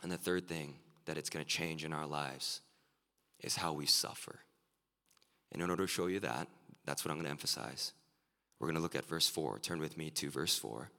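A man preaching an earnest sermon as a pastor, his voice turning excited and emphatic at times. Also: very deep voice, normal speed, vocal fry. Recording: live sermon with long hall reverb.

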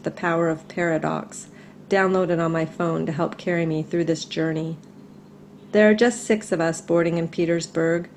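A middle-aged woman reading her own personal essay aloud in a calm, measured, reflective way. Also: on the low side, a little hiss or hum.

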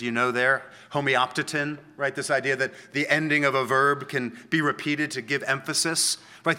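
Male pastor, mid-pitched, bright and forceful tone, conversational teaching sermon with slow, emphatic scripture readings.

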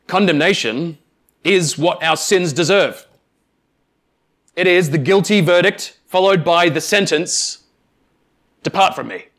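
A man preaching a sermon, speaking emphatically with deliberate pauses and addressing the congregation directly. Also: high-pitched, a bit bright. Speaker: pastor.

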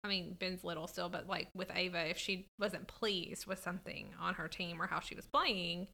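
A woman's voice: lowish voice, fairly even intonation, moderate pace, vocal fry, sharp tone. A woman in casual chat as a podcast co-host, earnest, with a lot of "like" and "you know".

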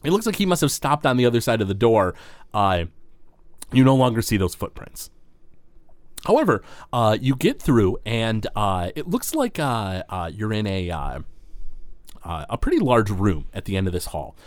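A man's voice: fairly low pitch, very animated, normal speed, no room sound. A man running a tabletop game as game master, narrating scenes with many filler words. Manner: rambling, full of filler words.

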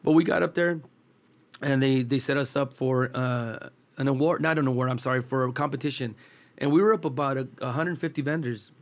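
A food truck cook from East Los Angeles, appearing as a guest, tells long, relaxed stories about cooking at an ordinary middle pitch and a slightly fast pace. He rambles comfortably between anecdotes and acts out the quoted dialogue.

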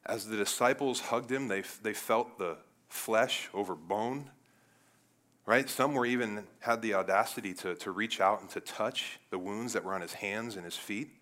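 A man from Cleveland preaching a sermon in a casual, animated way, moving between loud bursts and quiet asides. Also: on the low side, normal speed. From Cleveland, United States. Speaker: pastor.

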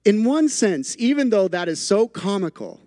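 A man preaching with a high, light voice. He is emphatic, stacks repeated phrases to build intensity, and slips in playful asides. The sound is close and dry, with no room echo. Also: sing-song, normal speed, warm tone. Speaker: pastor. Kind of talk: sermon.

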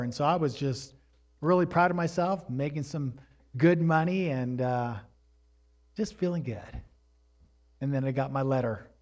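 A man's voice: mid-range voice, darkish tone. Man preaching a conversational sermon. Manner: conversational preaching with personal anecdotes; rises to emphatic exhortation. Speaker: pastor.

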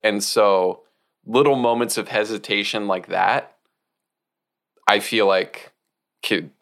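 A man's voice: fairly low pitch, creaky, fairly bright tone. A man co-hosting a podcast, thoughtfully and earnestly explaining how improv flow depends on your partners. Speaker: co-host, improv performer. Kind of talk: casual podcast chat.

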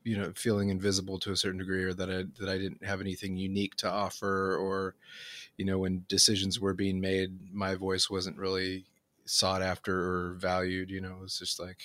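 Low-voiced man, halting and reflective. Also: completely flat delivery, fairly bright tone. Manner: halting, many fillers and restarts. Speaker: conversation partner. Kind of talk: casual conversation.

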